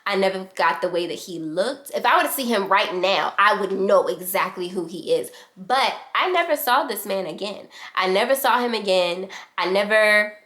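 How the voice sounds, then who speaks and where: A young adult woman vlogger telling a casual storytime in a fast, animated way, acting out the quotes. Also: mid-range voice. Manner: fast-talking, animated retelling with quoted voices.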